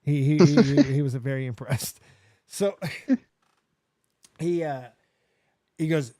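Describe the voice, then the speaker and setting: A man's voice: a little high, unhurried, long pauses, dry recording, clean studio sound. A man in his forties from Las Vegas, hosting a livestream and telling a story casually, swearing often and acting out every side of the conversation. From Las Vegas, USA. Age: 40s. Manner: animated, swears often, acts out both sides of dialogue. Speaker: livestream host.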